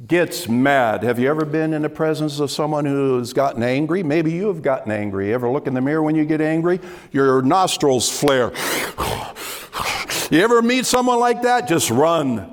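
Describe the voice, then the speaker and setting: A man preaching a sermon to his congregation in an emphatic way, repeating key phrases and dropping to a hush. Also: on the high side. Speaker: pastor. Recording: long hall reverb.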